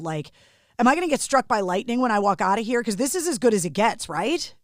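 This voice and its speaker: A woman's voice: on the high side, very animated, fast. A woman hosting a podcast, chatting casually and reacting eagerly to her guest. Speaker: podcast host. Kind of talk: casual interview chat.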